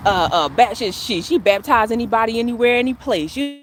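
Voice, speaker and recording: Walking outdoors with her phone, a woman in a slightly high voice talks briskly to her audience; some background noise is audible. The spiritual coach vlogger is animated and conversational, greeting everyone as "y'all."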